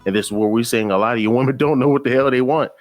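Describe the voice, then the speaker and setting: A man's voice: medium pitch, very fast, faint music behind. A man hosting a reaction video, arguing his point in a preachy, argumentative tone. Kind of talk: reaction commentary.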